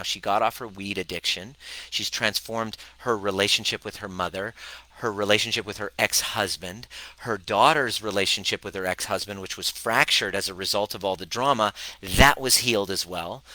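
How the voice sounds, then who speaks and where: A man's voice: on the low side, no echo, rough recording. A middle-aged man hosting a coaching live stream, talking straight to viewers with lots of energy, acting out people's voices and restarting his sentences. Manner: energetic, acts out clients' voices, many restarts.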